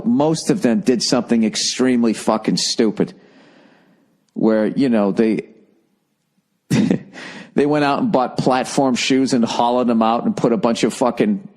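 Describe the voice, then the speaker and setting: Brief: sarcastic, swearing man, mid-pitched podcast rant. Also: a little mellow. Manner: profane, rambling, sarcastic. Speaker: podcast host. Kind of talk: casual comedic rant.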